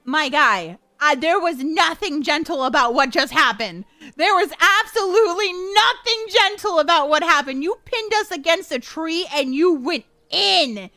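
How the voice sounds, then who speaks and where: A woman reacting to a game in casual commentary, excitable, flustered and giggly. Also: extremely high pitch, unhurried, hardly any pauses, dry recording. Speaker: streamer.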